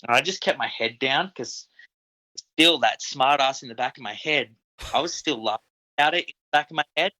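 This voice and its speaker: A man's voice: mid-range voice, fairly quick, pushed and bright, poor audio. A young Australian man telling stories as a podcast guest, laid-back and swearing freely, often saying "dude" and "man". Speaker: podcast guest, equipment operator. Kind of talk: casual storytelling.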